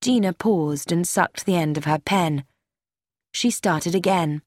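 A woman narrating an audiobook in a measured, careful reading style. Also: lowish voice, dry recording, clean studio sound. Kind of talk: scripted narration.

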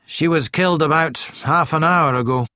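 A man's voice: a little high, moderate pace, bright, forceful tone, dry recording, studio quality. A man reading aloud as a matter-of-fact male doctor explaining a death. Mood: factual.

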